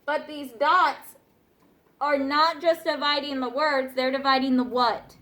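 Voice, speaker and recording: A woman's voice: high voice, fairly even intonation, unhurried, bright, forceful tone. A woman teacher giving patient classroom instructions, often checking in with her students.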